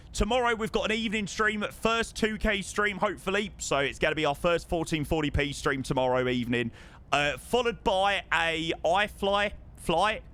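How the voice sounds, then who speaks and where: A man streaming live over a flight simulator, effusive and excitable, thanking his chat again and again. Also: fairly high pitch, clean tone. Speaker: livestreamer.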